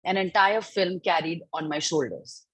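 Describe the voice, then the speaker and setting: Young indian actress, husky low-ish voice, gets all excited telling stories, dry sound. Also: female voice, moderate pace, no echo, poor audio. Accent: Indian English. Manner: animated, excitable storyteller. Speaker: actress being interviewed. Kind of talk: casual interview chat.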